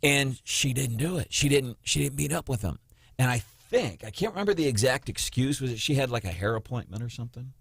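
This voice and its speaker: A man hosting a political talk radio show, animated and mocking, slipping into quoted voices as he chats with his co-host. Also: mid-range voice, fairly quick, vocal fry, slightly rough, dry recording, studio quality.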